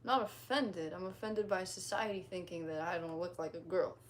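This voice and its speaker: A woman's voice: lowish voice, steady tone, brisk, slight background noise. A young woman casually chatting on a stream, reading out comments and reacting in a blunt, profane, rambling way. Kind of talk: casual livestream chat.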